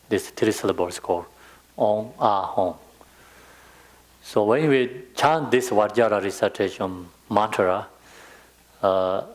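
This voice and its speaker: A man with a Tibetan accent giving a dharma teaching on meditation, speaking patiently with simple phrasing and frequent pauses and fillers. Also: fairly low pitch. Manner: slow, patient, non-native phrasing with many fillers.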